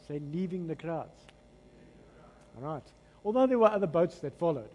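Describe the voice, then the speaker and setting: A South African pastor preaches with a high, slightly husky voice, drawing the congregation into call-and-response. He tells the scripture story with dramatic swings in energy. His voice rings with a long reverb through the church hall. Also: normal speed. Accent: South African English. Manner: animated, dramatic storytelling delivery.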